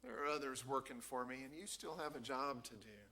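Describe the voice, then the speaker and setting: A man voicing God as a calm, quiet male presence speaking steadily and reassuringly, inside a sermon. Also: medium pitch, brisk. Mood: gentle. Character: calm, gentle divine voice, male.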